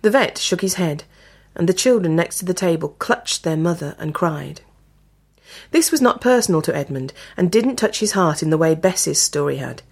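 A woman tells a story aloud in a measured, expressive narration. Her voice sits on the low side. She reads steadily. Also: breathy edge.

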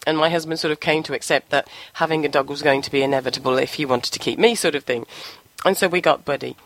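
A woman hosting an interview, warmly encouraging and asking tag questions. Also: low voice, fast. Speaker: host. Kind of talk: casual interview chat.

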